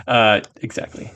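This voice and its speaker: A man co-hosting a podcast, chatting casually about a movie, rambling with many fillers and restarts. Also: sharp tone. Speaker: podcast co-host. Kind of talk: casual movie review chat.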